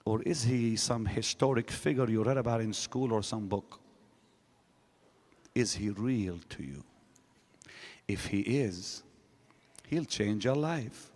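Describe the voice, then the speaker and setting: A man preaching a sermon to a congregation, emphatic, swinging from loud rising questions to low quiet statements. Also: takes it slowly, long pauses, long reverb tail. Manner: emphatic preaching with sudden rises and drops. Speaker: pastor. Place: large hall.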